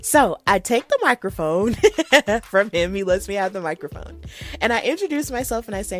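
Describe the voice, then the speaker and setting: Chatty excitable woman podcast host. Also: mid-range voice, fairly quick, faint music behind. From Alabama, USA. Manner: chatty and excitable, many likes and ums. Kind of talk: casual solo storytelling.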